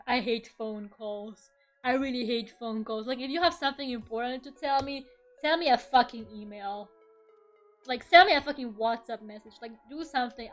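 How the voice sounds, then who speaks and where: A young woman from Russia chatting casually during an art stream, swearing freely, laughing often and rambling. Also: sits high. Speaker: VTuber streamer.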